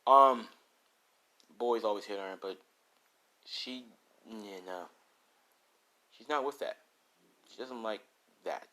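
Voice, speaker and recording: A man's voice: on the low side, slow pace, long pauses, bright, forceful tone. A man casually narrating a fan story, rambling with slangy, profane asides.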